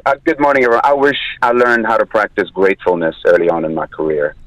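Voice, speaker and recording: A man's voice: lowish voice, steady tone, fast, a bit bright, dry recording, lo-fi sound. A man speaking earnestly as a guest on a radio show. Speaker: studio guest. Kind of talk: reflective chat.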